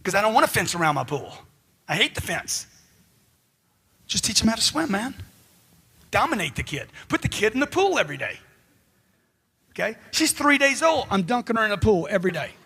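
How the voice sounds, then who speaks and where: A man giving a live motivational speech into a handheld mic, loud and punchy, firing off rhetorical questions. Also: high-pitched, very animated, a little fast, vocal fry, pauses often, slightly rough, long reverb tail. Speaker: motivational speaker.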